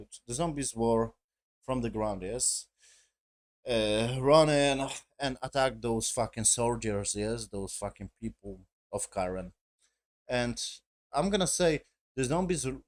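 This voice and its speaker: Rambling man swearing through a review. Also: mid-range voice. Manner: rambling, heavy swearing, broken grammar. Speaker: show reviewer. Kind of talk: casual spoken review.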